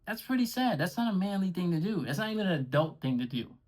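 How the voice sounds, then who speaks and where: A man's voice: high voice, expressive, fast talker, a little mellow, rough recording. A man speaking straight to his audience in a heated, profane and sarcastic rant aimed at a rival podcaster. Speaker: podcaster and vlogger. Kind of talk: angry direct-to-camera rant.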